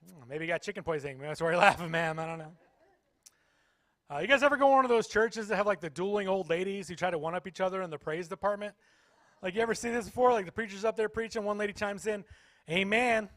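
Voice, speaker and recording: A man's voice: high-pitched, fast, fairly bright tone, dry recording. A man doing stand-up comedy at a church, playfully teasing the audience. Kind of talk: stand-up comedy with crowd work. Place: church stage.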